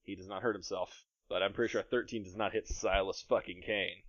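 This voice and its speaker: Low-voiced man running a tabletop game. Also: steady tone, a bit bright, dry recording. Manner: playful, narrating combat with quick asides. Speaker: game master. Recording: dry, slightly dull podcast mic.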